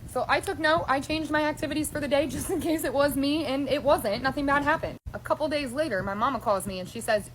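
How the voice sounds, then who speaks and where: Blunt, higher-voiced woman storyteller. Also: quick pace, few pauses, a little hiss or hum, low-quality recording. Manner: blunt and emphatic, swears freely. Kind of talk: casual storytelling to camera.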